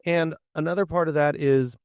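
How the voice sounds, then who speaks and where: A man's voice: a little high, fairly even intonation, normal speed, darkish tone, dry recording, studio quality. A man co-hosting a podcast and talking as a teacher, explaining in an earnest, encouraging way. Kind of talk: casual conversational podcast chat.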